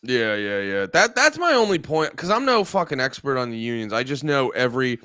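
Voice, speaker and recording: A man's voice: mid-range voice, very animated, a little fast, bright, forceful tone, dry recording, clean studio sound. A man in casual stream chat, rambling and cursing, acting out quotes in mock voices. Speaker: co-host.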